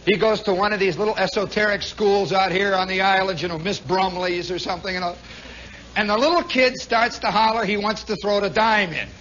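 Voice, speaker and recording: A man, a radio host, telling a comic story live in a nightclub, animated and chuckling with lots of asides. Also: sits high, brisk, slight background noise. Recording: muffled 1960s live radio recording.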